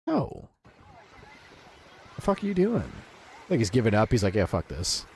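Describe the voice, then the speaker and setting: A man's voice: mid-range voice, huge pitch swings, measured pace, mellow, slight background noise. A man streaming live, reacting to videos with profane, incredulous commentary.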